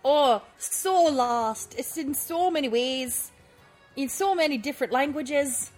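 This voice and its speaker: A woman's voice: high voice, takes it slowly, a little mellow, faint music behind. A woman voicing a lost, childlike young girl who rambles politely and eagerly asks for help. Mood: chatty.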